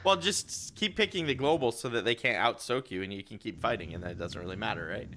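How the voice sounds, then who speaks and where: A man's voice: fairly low pitch, animated, fairly quick, fairly bright tone, a little hiss or hum. A man hosting a casual podcast, leading the topics and asking the guests for their views. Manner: upbeat, leads topics. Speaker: podcast host. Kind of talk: casual chat.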